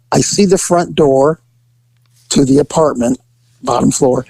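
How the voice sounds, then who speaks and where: A middle-aged man telling a story in casual chat, acting out voices with big jumps in pitch. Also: animated, unhurried, mellow, no echo, rough recording.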